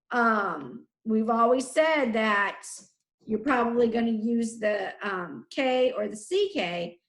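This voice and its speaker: Slow, careful first grade teacher. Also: female voice, a little high. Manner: slow, clearly drawn-out letter sounds. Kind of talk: recorded phonics lesson. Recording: echoey room.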